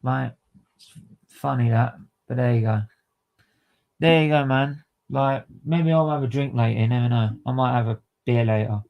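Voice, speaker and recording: A man's voice: medium pitch, moderate pace, vocal fry, phone-quality sound. A man hosting a livestream, ranting about motorsport with repeated phrases, slang and swearing. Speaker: livestream host. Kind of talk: heated fan commentary on a livestream.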